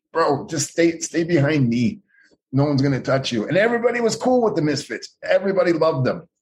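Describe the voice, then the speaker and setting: A middle-aged man in a casual interview, telling rambling, profane stories and acting out what others said. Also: medium pitch. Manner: profane, rambling, acts out quoted voices. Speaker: guest, former pro wrestler.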